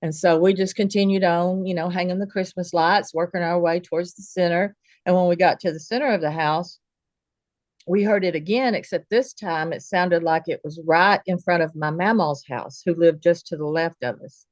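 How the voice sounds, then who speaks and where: A woman with a voice on the low side tells a true personal story at a normal speed, casual and folksy. She brings it to life by acting out the dialogue of the people involved, and the recording has no echo.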